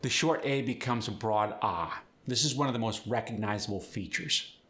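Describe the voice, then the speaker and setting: A man's voice: lowish voice, normal speed, a bit bright. A man hosting a pronunciation tutorial, explaining sounds casually and demonstrating words. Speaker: accent coach and host.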